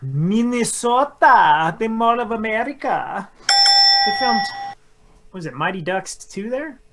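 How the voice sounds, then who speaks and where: A man competing on a trivia podcast, rambling and joking as he thinks out loud. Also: sits high, big pitch swings, measured pace, creaky. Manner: chatty, rambling, jokey. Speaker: quiz contestant. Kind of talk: casual banter on a podcast.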